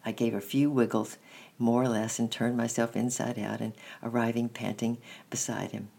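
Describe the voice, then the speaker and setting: Gravelly, husky male storybook narrator. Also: mid-range voice. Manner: steady, measured, first-person narration. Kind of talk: storybook reading.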